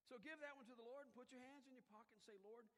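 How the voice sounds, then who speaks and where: A middle-aged male pastor delivering a conversational sermon. His voice sits high for a man, and he moves between quiet, intimate asides and loud, emphatic calls. The sound carries the long reverb of a large church hall. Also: rapid-fire.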